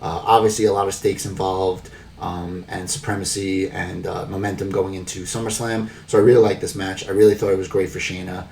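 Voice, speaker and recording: A man's voice: low-pitched, level tone, brisk, darkish tone, recorded from a distance. A man hosting a podcast, recapping the week's wrestling in a rambling, wry way full of fillers. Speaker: podcast host.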